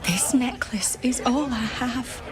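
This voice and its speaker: A woman's voice: fairly high pitch, faint music behind, natural voice. An actress voicing a desperate townswoman who pleads to sell a necklace so she can flee, in a game. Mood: pleading. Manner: pleading, hurried. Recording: game dialogue under tavern crowd.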